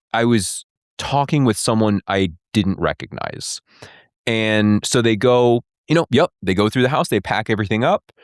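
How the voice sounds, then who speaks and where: Lively low-voiced man telling his story. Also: smooth, no room sound, clean studio sound. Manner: retelling with quoted dialogue, many "like" fillers. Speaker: interview guest. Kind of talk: emotional personal story.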